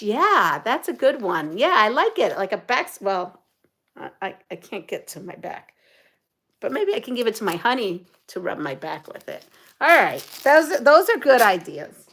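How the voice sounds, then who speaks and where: Chatty, giggly woman with a higher voice. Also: a bit bright. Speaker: quilting channel host. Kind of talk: casual show-and-tell chat. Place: home sewing room.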